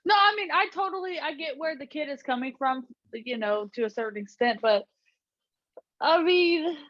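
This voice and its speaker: A woman with a high voice chats on a podcast, hesitant and full of fillers. The recording is dry and slightly dull, with a muffled top end. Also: lively intonation, moderate pace, dry recording. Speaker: podcast co-host. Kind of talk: casual chat.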